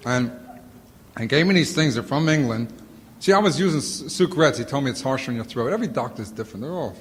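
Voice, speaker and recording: A man telling comic stories to an audience in animated bursts, with a sore throat and a lozenge in his mouth. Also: medium pitch, fast, big-room sound. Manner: animated storytelling, acts out quotes. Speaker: comedian answering audience questions. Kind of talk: casual Q&A talk. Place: auditorium before a live audience.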